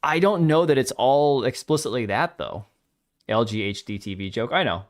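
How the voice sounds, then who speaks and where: A man's voice: medium pitch, lively intonation, moderate pace. A man from Washington state hosting a casual livestream, rambling bluntly about games and reacting to chat with casual swearing. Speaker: livestream host.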